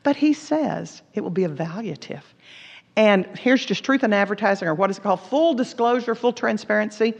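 A woman's voice: medium pitch, lively intonation, brisk, creaky. A woman teaching a sermon, earnest and emphatic, repeating words for stress. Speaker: Bible teacher. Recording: dull recording with long hall reverb.

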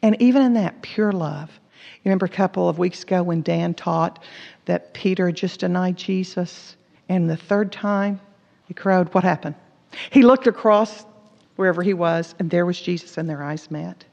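A woman's voice: lowish voice, moderate pace, vocal fry, a little mellow. A woman teaching a sermon, earnest and emphatic, repeating words for stress. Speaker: Bible teacher. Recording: dull recording with long hall reverb.

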